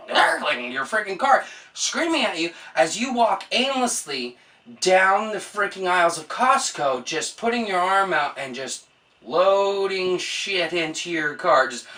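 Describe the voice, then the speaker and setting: A woman's voice: lowish voice, very animated, measured pace, sharp tone, distant mic. A woman vlogger on an exasperated, profanity-laced comedic rant. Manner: exasperated, swears a lot.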